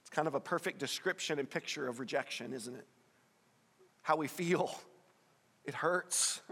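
A male pastor preaches in an earnest, conversational way, his voice sitting a little high for a man. He pushes up hard on the key points. The sound rings with the long reverb of a big church hall. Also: normal speed, creaky, pushed and bright, slightly rough. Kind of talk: sermon.

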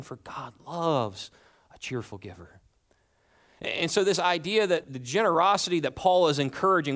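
Chatty, high-voiced male pastor preaching. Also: a bit bright. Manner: conversational and playful, with humorous asides and frequent restarts. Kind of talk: sermon. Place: church.

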